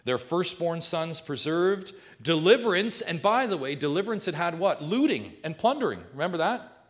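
Preaching to his congregation, a pastor with a somewhat high voice reads scripture aloud at a normal pace, very animated throughout. He swings widely from quiet, intimate asides to emphatic, repeated declarations, driving each point home.

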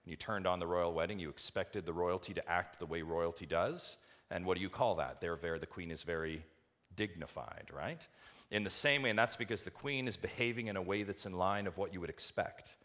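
A man's voice: deep voice, brisk, a bit bright. A male pastor preaching a sermon to his church, emphatic, repeating key phrases and putting questions to the congregation.

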